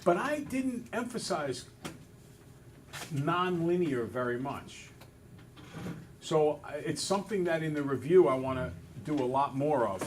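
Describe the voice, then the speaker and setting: A male math teacher in a classroom, relaxed and a little self-deprecating, talking through each step aloud. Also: mid-range voice, a little hiss or hum. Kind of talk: classroom lesson. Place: school classroom with students.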